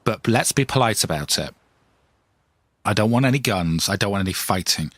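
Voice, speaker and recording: A man's voice: lowish voice, lively intonation, moderate pace, a bit bright, no room sound. A man hosting a comedic podcast monologue, ranting in a self-mocking way. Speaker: podcast host.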